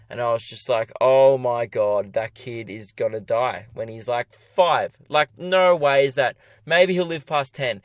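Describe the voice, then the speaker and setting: A man's voice: mid-range voice, no room sound. Aussie comedian guy ranting a funny story, swears a lot, mocks himself, dry close sound. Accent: Australian. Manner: animated, profane, self-mocking. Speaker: comedian and podcast host. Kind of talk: comic storytelling monologue.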